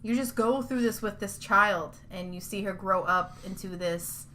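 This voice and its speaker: Bright-voiced woman ranting on a podcast. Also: mid-range voice, measured pace, a little hiss or hum. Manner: profane, heated ranting; emphatic, repeats herself. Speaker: podcast host. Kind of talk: casual podcast chat.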